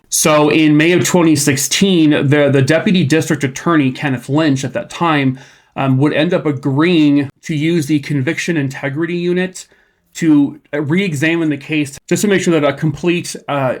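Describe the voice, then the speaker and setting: Male true crime narrator, slightly high voice, casual and skeptical. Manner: conversational, uses fillers and asides, skeptical emphasis.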